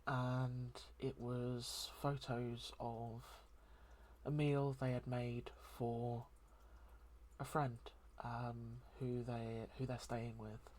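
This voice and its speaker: A soft-spoken host shares a heartfelt solo chat, thinking aloud with frequent pauses and hesitant fillers. The delivery is slow and unhurried, and the pitch stays flat and even throughout. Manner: soft, hesitant, reflective, many pauses and ums. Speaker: daily channel host.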